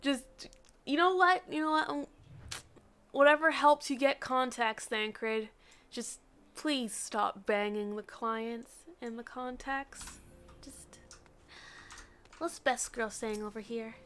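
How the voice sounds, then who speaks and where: A woman's voice: a little high, slow, pauses often, fairly bright tone, slight background noise. A young woman streaming a game live, chatting playfully, teasing the characters and laughing often.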